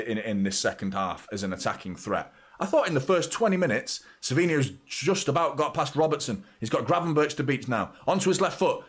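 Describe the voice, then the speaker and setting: A man hosting a live football watchalong, mixing blunt, sweary fan chatter with play-by-play. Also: medium pitch. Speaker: fan channel host. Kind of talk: live match watchalong commentary.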